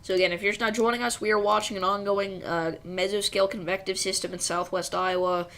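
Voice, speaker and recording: The U.S. weather streamer has a medium-pitched, slightly bright voice with fairly even intonation and a quick pace. She offers casual storm-tracking commentary, bantering with the chat she reads aloud and turning jokes on herself.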